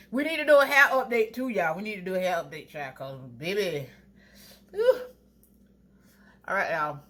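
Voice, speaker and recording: A young woman in braces chatting casually to her viewers while she cooks at home, talking straight to them with drawn-out asides. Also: on the low side, fairly bright tone. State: wearing new braces, teeth clanging. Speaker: vlogger. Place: home kitchen. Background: food sizzling in a pan.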